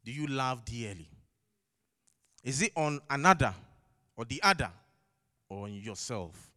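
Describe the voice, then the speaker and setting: A man's voice: medium pitch, expressive, measured pace, bright, forceful tone. A man with a non-native English accent preaching a sermon in a church, emphatic, putting rhetorical questions to the congregation and repeating key phrases. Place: church hall. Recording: long echo of a large hall.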